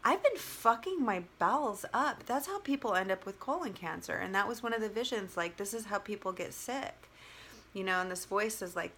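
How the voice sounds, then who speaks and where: A woman vlogger telling a personal story in a casual, animated way, with lots of fillers and free swearing. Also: medium pitch, moderate pace, a little hiss or hum.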